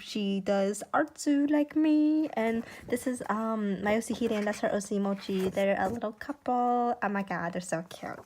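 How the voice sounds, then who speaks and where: A woman chatting casually at home while unboxing gifts. She gushes excitedly, repeats "oh my gosh" and sometimes keeps her voice hushed. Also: mid-range voice, normal speed, hardly any pauses. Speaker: YouTuber. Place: at home indoors.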